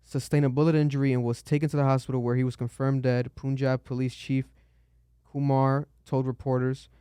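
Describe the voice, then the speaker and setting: A young man hosting a casual podcast chat, animated and swearing freely, his voice jumping up when he is exasperated. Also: medium pitch, a little fast, clean tone, no room sound, studio quality. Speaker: podcast host.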